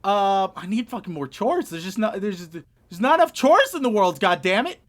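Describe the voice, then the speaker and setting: A man's voice: high-pitched, animated, normal speed, fairly bright tone. A man co-hosting a casual comedy podcast, wry and profane as he hands out jokey tasks. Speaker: podcast co-host.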